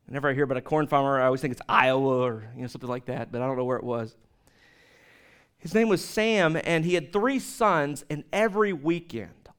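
Smooth-voiced preacher man with a high voice. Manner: conversational, animated storytelling with laughs and asides. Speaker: pastor. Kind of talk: sermon.

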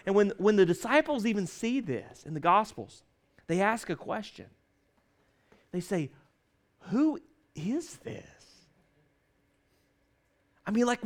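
A man preaching a sermon, stressing scripture lines slowly and leading the congregation to repeat after him. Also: high-pitched, fairly bright tone. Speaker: pastor.

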